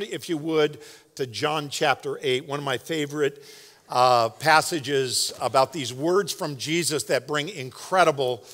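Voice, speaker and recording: A man preaching a sermon as pastor, in a relaxed, joking, conversational way. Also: on the high side. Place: large church sanctuary. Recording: long hall reverb.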